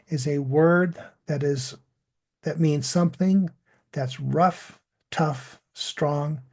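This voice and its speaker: Slow, gravelly-voiced male English teacher. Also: on the high side, darkish tone. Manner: slow, deliberate, drawn-out model pronunciation. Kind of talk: online language lesson.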